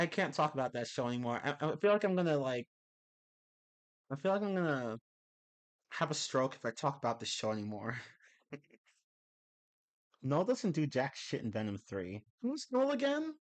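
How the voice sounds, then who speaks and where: A man ranting casually on a livestream, rambling with many restarts and laughing as he talks. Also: mid-range voice. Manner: rambling, restarts often, laughs into his words. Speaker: streamer.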